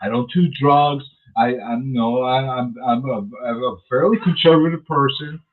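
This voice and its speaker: Guy radio host chewing gum, husky voice, rambly, sounds like a phone line. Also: medium pitch, normal speed. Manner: chatty, rambling, animated when riled up. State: chewing gum while talking. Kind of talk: casual radio chat.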